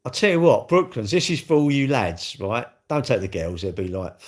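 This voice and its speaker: Very animated and moderately paced, this man's medium-pitched voice carries a livestream where he banters with viewers, joking around and rambling casually.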